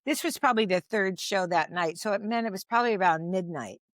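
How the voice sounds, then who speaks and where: Older woman, lively anecdotal comedian. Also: medium pitch, fast talker, no echo, clean studio sound. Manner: animated, laughing, self-deprecating anecdotes. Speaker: comedian guest. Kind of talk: conversational storytelling.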